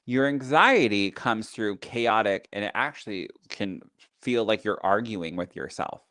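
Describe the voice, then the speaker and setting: A man's voice: lowish voice, lively intonation, unhurried, bright, forceful tone, no room sound, clean studio sound. A man who teaches as a psychic medium, talking casually on a podcast in a chatty teaching tone full of fillers.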